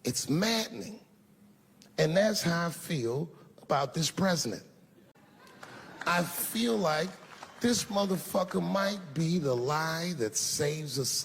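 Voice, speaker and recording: A man doing stand-up on a big stage, his voice lively and swinging through its pitch as he tells crude, animated stories. He sits a little high for a man, with a long hall reverb trailing each line. A faint ambience sits under the whole recording. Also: noisy background. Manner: profane, animated storytelling with acted-out voices. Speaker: stand-up comedian. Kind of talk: stand-up comedy. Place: stage in a large venue.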